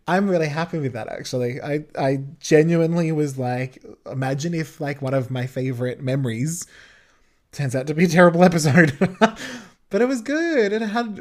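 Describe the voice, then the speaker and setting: A man hosting a podcast, giving casual, chatty commentary on a TV episode and laughing often. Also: a little high. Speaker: podcast host.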